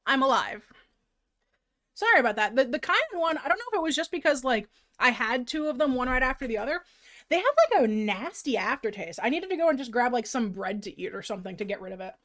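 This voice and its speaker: A woman's voice: a little high, lively intonation, fast, fairly bright tone. Bubbly young-sounding woman streamer. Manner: chatty and bubbly, laughing between remarks. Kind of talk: casual livestream chat.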